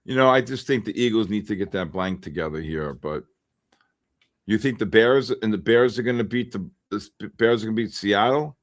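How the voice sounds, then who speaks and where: A man's voice: fairly low pitch, moderate pace. A middle-aged man hosting a live trading stream, rambling casually and calling out viewers by name. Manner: rambling, chatty, shouts out chat names. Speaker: livestream trading host.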